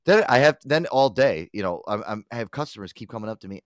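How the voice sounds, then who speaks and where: A podcast host runs a chat show in an animated, profane manner, talking casually. His mid-range voice moves quickly with hardly any pauses, captured with clean studio sound and no room sound.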